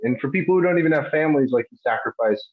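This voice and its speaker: A man's voice: medium pitch, animated, very fast. A man hosting a casual interview, talking animatedly and thinking aloud with fillers. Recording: dull lo-fi audio.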